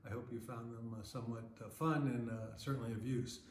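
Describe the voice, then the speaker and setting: A man teaching ukulele in a relaxed, chatty way, with many fillers, counting beats and sometimes singing along. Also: medium pitch, brisk, echoey room, slight background noise. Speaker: ukulele club instructor. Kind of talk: casual ukulele lesson with strumming and singing.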